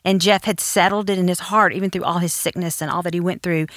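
Heartfelt woman podcast guest with a fairly low voice, dry sound. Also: fairly even intonation, fast talker, a bit bright, no room sound. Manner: heartfelt, personal, emotional. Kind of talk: reflective Bible study chat.

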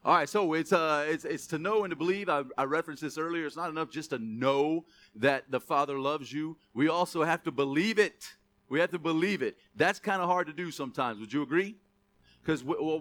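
A man's voice: fairly high pitch, a little fast, a bit bright. A man preaching a sermon, conversational and then emphatic, calling on the church to repeat key words. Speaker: pastor.

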